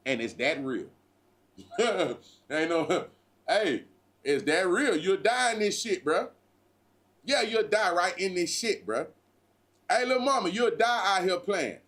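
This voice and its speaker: Animated, high-pitched man preaching street talk. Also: slow, long pauses. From United States. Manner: profane, preachy street talk with repeated "bruh". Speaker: livestream host. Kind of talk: casual livestream monologue.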